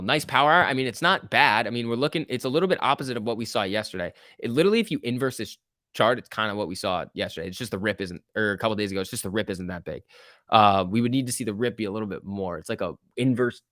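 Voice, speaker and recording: A man's voice: on the low side, a bit bright, no room sound, clean studio sound. A young man hosting a casual stock-market live stream, reading viewer comments aloud and cheering the chart on. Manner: chatty, reacts to chat and price moves, cheering the chart on. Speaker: stock market livestream host.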